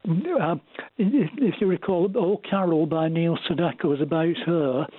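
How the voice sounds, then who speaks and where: Halting man on a tinny phone line. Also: fairly high pitch, no room sound. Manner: halting, many fillers and restarts. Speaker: radio caller sharing music knowledge. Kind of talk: casual radio chat.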